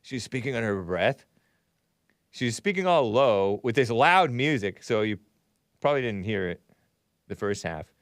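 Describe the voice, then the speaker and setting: A man's voice: mid-range voice, animated, moderate pace, long pauses, no echo, clean studio sound. A male show host giving rambling, sarcastic commentary, chuckling between remarks as he reads from a chat.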